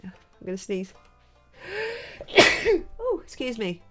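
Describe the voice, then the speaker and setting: A woman's voice: on the low side, measured pace, faint music behind. A woman chatting casually and laughing as she streams a cosy farming game. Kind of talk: cosy game livestream chat.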